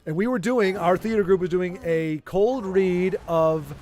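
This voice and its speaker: A man's voice: sits high, measured pace, a little mellow, soft background music. A man chatting casually with his livestream audience, rambling and playfully arguing, with many restarts. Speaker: streamer.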